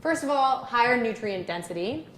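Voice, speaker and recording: A woman's voice: on the high side, lively intonation, normal speed, echoey room, a little hiss or hum. A woman working as a naturopathic doctor co-hosts a live-streamed health debate, explaining topics and reading out viewer comments.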